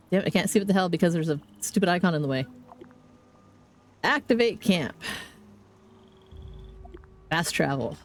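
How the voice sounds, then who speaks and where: A female streamer with a mid-range voice gives casual live commentary on her gameplay. Chatty and excitable, she rambles to herself into a desk mic.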